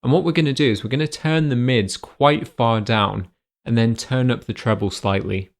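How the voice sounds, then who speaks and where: A man giving a clear, step-by-step guitar tutorial in scripted narration, with guitar playing behind him. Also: mid-range voice, moderate pace. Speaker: guitar teacher.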